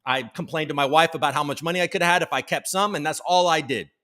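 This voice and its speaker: A man's voice: a little high, quick pace, pushed and bright. A man hosting a live crypto show, ranting in a profane, rambling way and mocking others in put-on voices. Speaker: livestream host.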